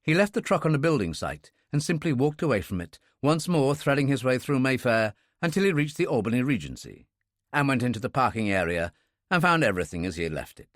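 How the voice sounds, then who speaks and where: A man narrating a thriller audiobook in a steady, expressive reading. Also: medium pitch, a little fast, no room sound, studio quality. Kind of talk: scripted narration.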